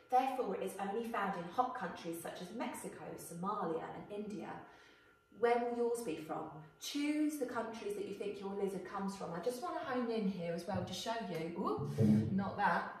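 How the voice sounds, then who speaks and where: A woman teacher explaining a writing task to her pupils in a clear, questioning way, recorded for a video lesson. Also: mid-range voice, far from the mic, slight background noise. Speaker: primary school teacher. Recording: echoey room, voice off-mic.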